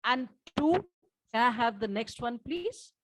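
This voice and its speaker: Slightly high-pitched woman presenting research. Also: expressive, low-quality recording. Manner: measured, asks for next slide often. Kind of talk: conference presentation with slides.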